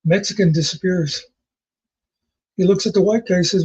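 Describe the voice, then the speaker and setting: Husky folksy man telling jokes. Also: high-pitched, steady tone, normal speed, pauses often, a little mellow, highs cut off. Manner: folksy, rambling storyteller. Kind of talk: casual joke telling.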